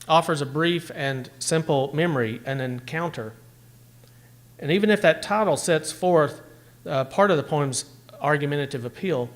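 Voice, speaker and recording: A man giving a measured, deliberate talk that analyzes poems and reads them aloud at a poetry event. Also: fairly high pitch.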